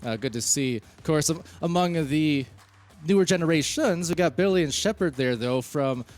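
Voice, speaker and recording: Man, esports co-caster, a bit high-pitched, relaxed and jokey. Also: normal speed. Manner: relaxed, joking, some hesitations. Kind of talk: live esports commentary. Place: broadcast booth.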